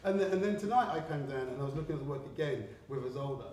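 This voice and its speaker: A man's voice: a little high, lively intonation, quick pace, a little mellow. A man from England in casual gallery talk, rambling, swearing and laughing as he tells stories. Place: art gallery, indoors. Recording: very echoey room, mic far off, faint background noise.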